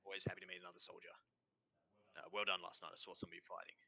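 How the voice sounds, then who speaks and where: A man with an Australian accent voicing a courteous, friendly male soldier who speaks politely and haltingly, with many fillers. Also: sits low, completely flat delivery, vocal fry, sharp tone, heavily acted. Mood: calm. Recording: dull remote-call sound.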